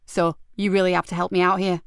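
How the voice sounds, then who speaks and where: Casting: woman reading a weathered male police boss in an audiobook, low-pitched, blunt and dryly funny. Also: little pitch movement, fast, vocal fry, clean tone, dry recording, studio quality. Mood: firm. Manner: blunt, patient, dryly humorous. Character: gruff loyal male police superintendent, older. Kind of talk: audiobook character voice.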